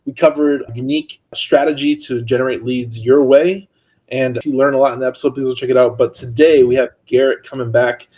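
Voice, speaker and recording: A man's voice: medium pitch, fairly even intonation, brisk, a little mellow. A man hosting a real estate podcast, introducing the episode and his guest in an upbeat, eager way. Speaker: podcast host.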